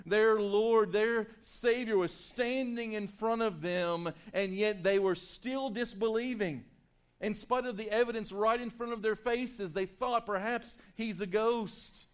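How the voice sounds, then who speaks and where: A male pastor preaching a sermon to his church, swinging between loud, emphatic lines and hushed, quiet ones. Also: on the high side. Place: church sanctuary.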